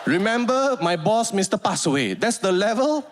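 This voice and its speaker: A man's voice: high-pitched, sing-song, moderate pace, noisy background. A man from Malaysia with a Malaysian English accent, doing a stand-up comedy set and acting out scenes as he tells the story.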